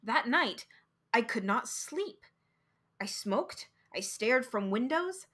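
Brief: woman storyteller, unhurried, expressive reading, bright and fairly high voice. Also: husky. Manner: slow, expressive, dramatic reading. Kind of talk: reading a short story aloud.

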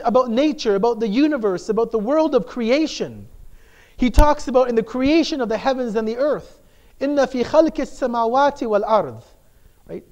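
High-voiced man preaching conversationally. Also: a little mellow. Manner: explains with frequent "right?" tags and emphatic repetition. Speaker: shaykh giving a talk. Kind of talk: conversational sermon.

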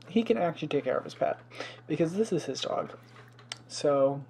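A man's voice: a little high, animated, normal speed, vocal fry, long pauses, darkish tone, slightly rough. A young man hosting a life-sim let's play in casual commentary, chatty and fussy, exclaiming often and scolding the game's pets.

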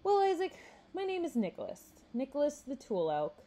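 A woman's voice: medium pitch, animated, brisk, dark tone, natural voice. A woman reading aloud as a confident, charming teenage elk boy who talks in a self-assured way. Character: smooth, confident teen elk boy, school president.

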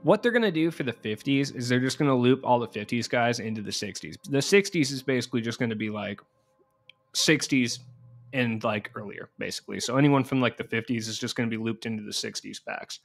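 Young male gaming YouTuber, loose rambling delivery, mid pitch, light music bed. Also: brisk. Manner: casual, rambling, filler-heavy with many "like"s. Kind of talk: casual video game news commentary.

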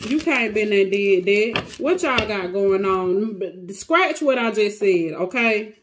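In a medium-pitched, expressive voice, a tarot reader speaks slowly as she does a casual, emotional reading. She's nearly in tears. Dramatic throughout, she talks to her cards and to her viewers.

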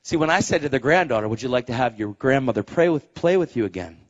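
Animated, husky-voiced man preaching. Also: medium pitch, quick pace, lo-fi sound. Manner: animated, swings from hushed to shouting. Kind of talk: sermon storytelling.

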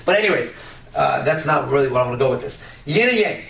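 A man lecturing on dating with a cocky, swaggering delivery and a casual habit of swearing. His voice sits a little high for a man. It is recorded from a distance in an echoey room. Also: animated, fast, gravelly, fairly bright tone. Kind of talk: lecture with anecdotes. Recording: roomy echo, voice from a distance.

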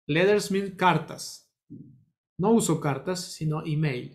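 A teacher leads a children's English lesson in a classroom. The pace is unhurried and deliberate, with key phrases drilled again and again. Students are called on one by one to answer. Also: medium pitch. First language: Spanish. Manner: slow, repetitive drilling, calls on students.

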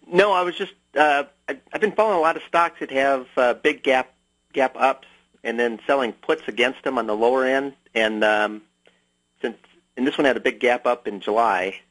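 A man from California calling into a radio show, speaking hesitantly with halting fillers. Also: mid-range voice, a bit bright, rough recording. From Sacramento, California. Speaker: caller. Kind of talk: phone-in talk.

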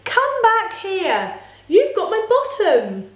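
A small, fretful storybook robot boy pleads in a high, squeaky voice, put on by a woman reading aloud. He sounds lost and upset. The room around him rings with echo. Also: very animated, slow pace, heavily acted. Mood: distressed. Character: upset little boy robot missing bottom.

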